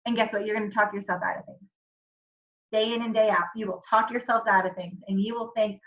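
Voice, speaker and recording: A woman's voice: mid-range voice, fairly even intonation, brisk, fairly bright tone. A young adult woman giving an upbeat, encouraging motivational presentation, speaking straight to the viewer as a wellness coach. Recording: dull lo-fi audio.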